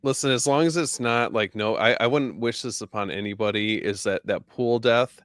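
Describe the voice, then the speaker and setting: A podcast guest in casual chat, laid-back and trailing off mid-thought. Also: male voice, medium pitch, moderate pace, a bit bright, clean tone, dry recording, clean studio sound.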